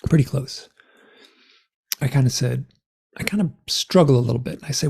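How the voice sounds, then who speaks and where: A man's voice: medium pitch, steady tone, brisk, gravelly, darkish tone, slightly rough. A man, an interview guest, telling a personal story in conversation and acting out the remembered dialogue with big swings in his voice.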